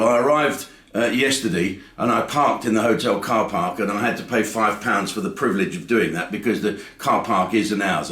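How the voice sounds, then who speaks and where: A man's voice: fairly low pitch, fairly bright tone. A middle-aged man from England telling a wry comic anecdote to camera, acting out the back-and-forth of the dialogue. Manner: wry storytelling with acted-out dialogue. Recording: echoey room.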